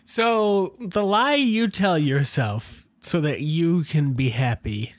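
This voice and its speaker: A man's voice: fairly high pitch, expressive, dry recording. Laughing playful man, dry sound. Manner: playful, quick laughs, mock comforting. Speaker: podcast co-host. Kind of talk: comedic podcast banter.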